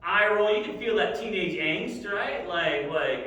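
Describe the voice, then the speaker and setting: A man's voice: high-pitched, expressive, normal speed, pushed and bright. A middle-aged man teaching a casual Bible lesson in a conversational way, often asking "right?" as he talks. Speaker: Sunday school teacher. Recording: echoey hall, mic far off.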